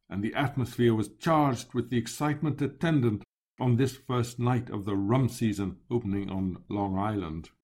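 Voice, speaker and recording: A man narrating a first-person memoir in a measured, descriptive storytelling manner. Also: lowish voice, a little mellow.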